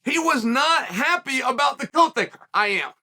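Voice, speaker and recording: A middle-aged man hosts a solo commentary in a very high, bright, forceful voice. He tells the story with excitement and breaks into emphatic shouts. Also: normal speed. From western United States. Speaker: host.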